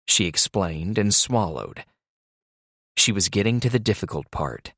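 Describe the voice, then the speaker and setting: A man narrates a thriller audiobook, unhurried and deliberate. His voice sits low but moves a lot in pitch. The recording is dry and close. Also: expressive, sharp tone, no room sound. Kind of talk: scripted narration.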